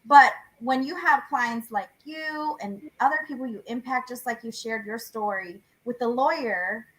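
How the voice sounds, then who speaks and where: A woman's voice: fairly high pitch, normal speed, a bit bright, rough recording. A woman hosting a podcast, chatting casually and animatedly, laughing often. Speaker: podcast host and salon owner.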